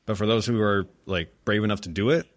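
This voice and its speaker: A man's voice: fairly low pitch, fairly quick. A man co-hosting a casual podcast, talking with lots of fillers and wry asides. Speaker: podcast co-host.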